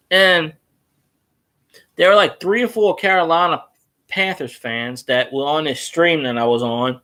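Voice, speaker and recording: Animated, profane man ranting casually. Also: fairly high pitch. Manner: profane, rambling, animated storytelling. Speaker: fan show host. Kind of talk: casual solo livestream chat.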